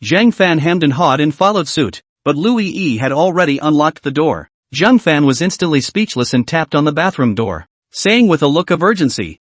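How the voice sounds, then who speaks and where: Animated male story-recap narrator. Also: on the high side, normal speed, dry recording.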